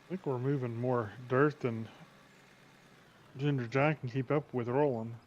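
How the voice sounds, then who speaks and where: Soft-spoken man over muffled voice chat. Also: medium pitch, steady tone, unhurried, a little hiss or hum. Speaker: fellow player. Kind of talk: casual voice chat during a game.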